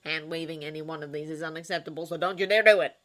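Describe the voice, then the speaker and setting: A woman voicing a kind, wry adult man who is a doctor and mentor, speaking earnestly and with gentle teasing. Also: deep voice, monotone, racing.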